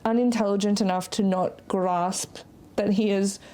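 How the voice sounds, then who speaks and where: A woman's voice: medium pitch, fairly even intonation, a little slow, mellow. A woman co-hosting a podcast, in casual chat, often searching for the right word. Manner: chatty, searching for words. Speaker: podcast co-host.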